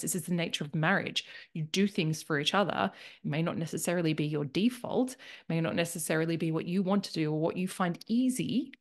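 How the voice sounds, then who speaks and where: A woman speaks as a guest on a podcast, laying out her ideas in a reflective, earnest manner. Her voice sits fairly low for a woman. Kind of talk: casual podcast conversation.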